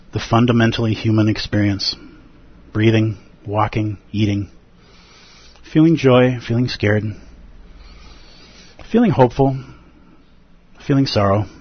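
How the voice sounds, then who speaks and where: Guy teaching buddhism at a retreat, kinda husky, earnest and expressive, dull lo-fi sound. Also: on the low side. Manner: earnest, expressive, acts out feelings with gasps and pauses. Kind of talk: dharma talk at a retreat. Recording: dull lo-fi recording.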